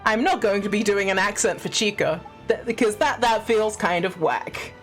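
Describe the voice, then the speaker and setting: A woman's voice: mid-range voice, moderate pace, hardly any pauses, soft background music. A woman streaming a game, chatting casually with sweary, laughing asides. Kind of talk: casual gaming stream commentary.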